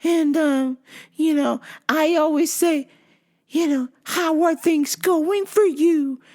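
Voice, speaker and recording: A creepy, overfriendly churchy woman, as a female storyteller puts her on, cooing in a raised, sing-song voice. She stretches every greeting and blessing out slowly, sweet on the surface and unsettling underneath. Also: sits high, warm tone, pitched above the performer's own voice. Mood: preachy. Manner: slow syrupy sing-song, drawn-out blessings.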